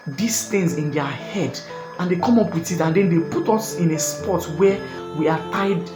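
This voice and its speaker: Young man, comic storyteller, exasperated and rambling, in an echoey room with music. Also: on the high side. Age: young adult.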